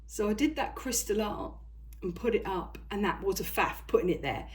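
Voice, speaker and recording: An older woman with a husky voice, chatting casually to camera about her crafts as she walks around her kitchen holding the phone. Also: mid-range voice, lively intonation, moderate pace, a little hiss or hum. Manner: chatty, rambling, talks to her cat and viewers. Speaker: craft vlogger. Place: home kitchen, indoors.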